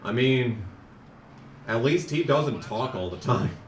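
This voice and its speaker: A man streaming a racing game, chatting casually and ranting sarcastically, sometimes mocking a fast auctioneer. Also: mid-range voice, animated, echoey room, recorded from a distance, a little hiss or hum. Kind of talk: casual live-stream commentary.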